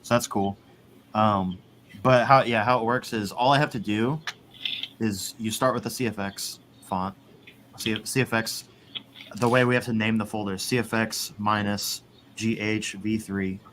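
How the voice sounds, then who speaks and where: A man's voice: fairly low pitch, fairly even intonation, measured pace, fairly bright tone, a little hiss or hum. A man in casual chat, rambling, swearing and laughing often. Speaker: podcast host.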